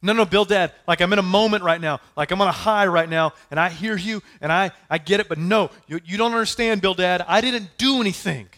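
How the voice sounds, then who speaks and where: A man's voice: sits high, brisk, few pauses, fairly bright tone, pitched above the performer's own voice. A man voicing a suffering, desperate man who pleads passionately and insists on his innocence. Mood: protesting. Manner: impassioned, pleading, repetitive cries.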